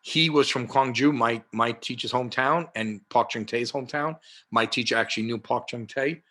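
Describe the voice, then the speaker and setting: Bright-voiced New York man telling stories. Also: mid-range voice, moderate pace. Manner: rambling, many fillers and restarts, animated anecdotes. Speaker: martial arts historian guest. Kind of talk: casual storytelling interview. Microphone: video call.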